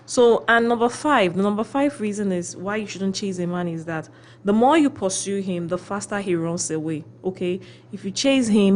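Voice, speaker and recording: A woman on a radio show giving relationship advice. She tells stories with lively acted quotes and often checks in with "okay?". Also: medium pitch. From Philippines. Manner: animated storyteller, acts out quotes.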